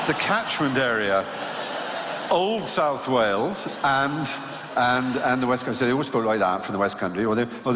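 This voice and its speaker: Wry man telling stories in an echoey hall. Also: mid-range voice. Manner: wry, self-mocking, halting anecdotal delivery. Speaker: stage guest telling anecdotes. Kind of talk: live storytelling conversation. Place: large theatre stage. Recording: echoey hall, live venue ambience.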